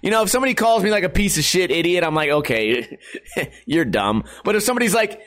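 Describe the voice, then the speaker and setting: A man's voice: high voice, very fast, fairly bright tone. A man in his thirties rambling casually in a vlog, crude and self-mocking, swearing often and laughing at himself. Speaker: vlogger.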